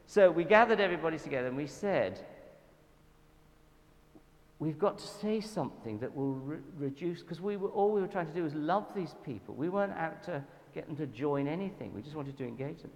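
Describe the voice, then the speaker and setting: A man with a Southern English accent giving a church talk, telling anecdotes in a lively, self-deprecating way. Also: on the high side, fairly quick. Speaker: guest speaker at a church event. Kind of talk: storytelling sermon talk. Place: church hall. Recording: reverberant hall with faint background noise.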